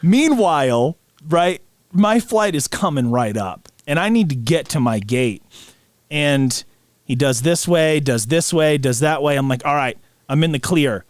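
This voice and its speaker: A man's voice: fairly high pitch, unhurried, no echo. A man co-hosting a podcast, telling a long funny story with laughs in between. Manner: animated anecdote teller, laughs mid-sentence. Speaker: podcast co-host. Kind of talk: casual storytelling chat.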